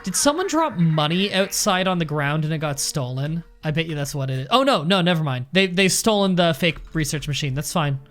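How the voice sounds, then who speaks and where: Let's play host: a man with a slightly high voice, chatty and rambling, thinking out loud during casual commentary. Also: lively intonation, a little fast, few pauses, faint music behind.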